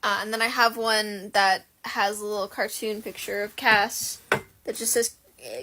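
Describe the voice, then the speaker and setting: A woman's voice: medium pitch, steady tone, normal speed, pushed and bright, a little hiss or hum. A woman in her twenties chatting casually as a fan content creator, rambling and gushing with self-deprecating humor. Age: 20s. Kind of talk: casual chat.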